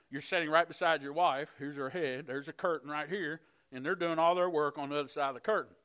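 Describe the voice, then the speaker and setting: A middle-aged man preaching a sermon, telling a personal story earnestly, moving between hushed moments and fired-up passages. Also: fairly high pitch.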